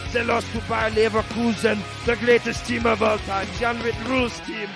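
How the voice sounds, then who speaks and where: A man voicing an excitable German sports correspondent with a put-on German accent for a podcast bit. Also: very high-pitched, moderate pace, over loud music, voice pushed up.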